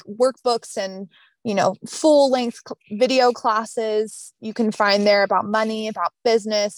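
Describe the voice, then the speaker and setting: A woman's voice: mid-range voice, dry recording. Woman, Southern accent, podcast guest, bubbly, chatty, lots of fillers, dry sound. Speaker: podcast guest, business coach. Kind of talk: casual interview chat. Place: mountain home.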